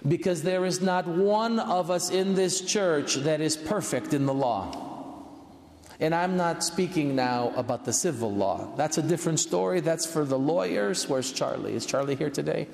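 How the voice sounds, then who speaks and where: A man preaching a sermon to his congregation in a large church, slow and earnest, rising for emphasis. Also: a little high, creaky, a little mellow. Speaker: priest. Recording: echoey church from a distance.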